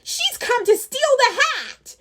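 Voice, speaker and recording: A woman voicing a gang of panicky male goblins in a storybook reading, yelling shrilly. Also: very high voice, sing-song, slow, pitched above the performer's own voice, exaggerated voice.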